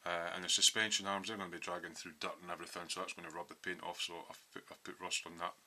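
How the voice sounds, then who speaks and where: A man's voice: deep voice, little pitch movement, fast talker, sharp tone. A man in a home hobby workshop, casually walking through his model build with lots of ums as he explains his thinking.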